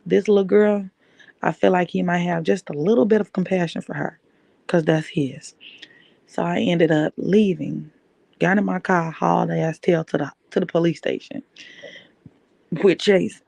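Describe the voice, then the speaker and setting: A woman's voice: lowish voice, fairly even intonation, moderate pace, gravelly, a little mellow, dry recording. A woman podcast host telling a personal story in an emphatic way, repeating key phrases.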